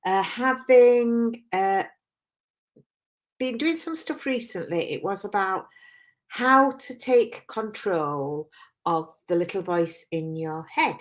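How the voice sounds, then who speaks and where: A woman's voice: medium pitch, expressive, slow pace. An older woman hosting a podcast, talking in a rambling, hesitant way with many restarts. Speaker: podcast host. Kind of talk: reflective podcast talk on self-talk.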